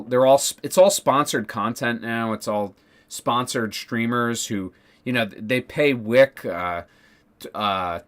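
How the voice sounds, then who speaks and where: A man's voice: lowish voice, fairly bright tone. A man streaming casually, ranting sarcastically with lots of swearing, fillers and restarts. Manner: profane, sarcastic, rambling with many fillers.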